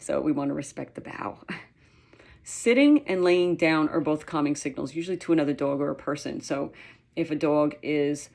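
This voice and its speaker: A woman with a low-pitched voice gives a relaxed lesson on reading dogs' signals. She talks in a loose, chatty way, full of fillers, and now and then imitates a dog's sounds. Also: moderate pace, gravelly. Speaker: dog trainer. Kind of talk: casual instructional talk.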